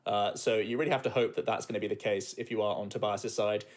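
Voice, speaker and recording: A man co-commentating a competitive card game, relaxed and often chuckling while he breaks down the plays. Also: on the low side, fast.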